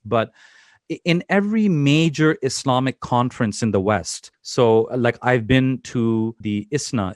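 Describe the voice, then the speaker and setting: A man's voice: medium pitch, dry recording, studio quality. A young man from Canada hosting an interview over a video call, talking casually with many fillers and restarts. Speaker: interview host.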